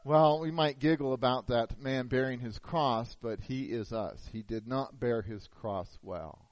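A middle-aged pastor preaching a sermon, telling a story and asking rhetorical questions. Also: male voice, mid-range voice, measured pace, no room sound, poor audio.

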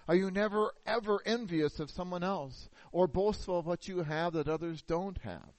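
A middle-aged pastor preaching a sermon, telling a story and asking rhetorical questions. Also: male voice, sits high, moderate pace, dry recording, rough recording.

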